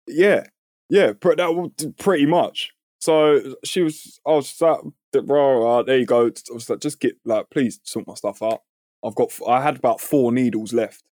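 A man, telling a story on a podcast in a casual, animated way and swearing freely. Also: mid-range voice, moderate pace, no echo, clean studio sound. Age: 30s. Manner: animated, swears freely, acts out quoted voices. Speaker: podcast co-host.

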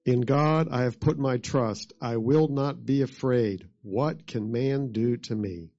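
A man reading scripture aloud during a sermon in a measured manner. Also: mid-range voice, darkish tone, lo-fi sound.

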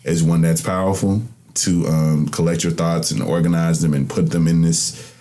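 A man's voice: sits low, little pitch movement, moderate pace, dark tone. A young man hosting a podcast, talking into a microphone in a reflective, rambling, colloquial way. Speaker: podcast host. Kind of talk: casual interview conversation.

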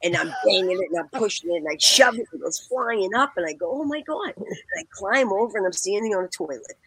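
Woman storyteller, husky tone, animated voices for quotes, close dry mic. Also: quick pace, dry recording, low-quality recording. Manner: acts out quoted people with big pitch jumps, laughs while talking. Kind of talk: animated anecdote telling.

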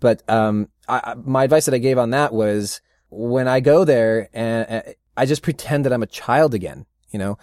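A middle-aged man, a voice actor, chatting casually as an interview guest and telling rambling, animated stories with frequent laughs. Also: medium pitch, normal speed, hardly any pauses, dry recording, studio quality. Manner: rambling, animated storyteller who laughs often. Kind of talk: casual anecdotal chat.

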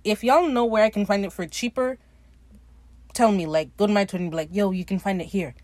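A woman hosting a casual podcast recaps a TV episode, chatty and laughing often while swearing freely. Her medium-pitched voice is brisk with a darkish tone, and there's no room sound.

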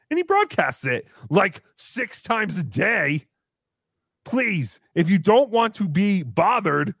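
A man's voice: high-pitched, fairly bright tone, no echo, studio quality, heavily acted. A man voicing a brash, boastful comic character who talks about himself in the third person while hosting a livestream. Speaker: show host character. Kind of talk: livestream comedy banter.

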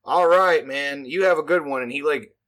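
A man's voice: on the high side, normal speed, fairly bright tone. A man, telling a profane, rambling story in casual chat. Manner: profane, rambling, filler-heavy delivery.

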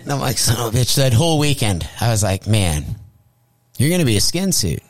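A man's voice: fairly high pitch, brisk, gravelly, no room sound. Profane storytelling male comedian. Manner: profane, animated, acts out quotes. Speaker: comedian guest. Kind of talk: crude comic storytelling.

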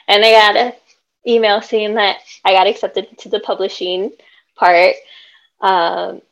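A woman's voice: mid-range voice, fairly even intonation, unhurried, vocal fry, rough recording. A young woman author talking earnestly about her writing in a casual interview, with many "like" fillers. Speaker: author guest.

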